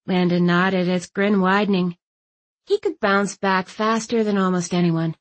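A woman reads a first-person audiobook at a medium pitch. Her delivery is even and wry, with lightly dry asides. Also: normal speed. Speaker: audiobook narrator. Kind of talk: first-person scripted narration.

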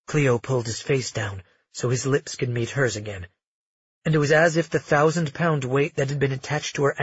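A man narrating a romance audiobook in a measured, intimate storytelling manner. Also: medium pitch, husky, no room sound, muffled recording.

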